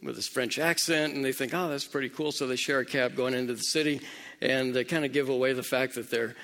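A man's voice: medium pitch, fairly even intonation, fairly quick, fairly bright tone. A man casually retelling a film's plot, chatting straight to his listeners. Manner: conversational, speaks straight to listeners.

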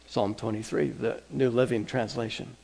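Brief: a male pastor preaching casually, with repeated words and quiet emphatic endings. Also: mid-range voice, steady tone, moderate pace, creaky. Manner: conversational, repeats words, drops to soft emphasis. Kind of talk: sermon.

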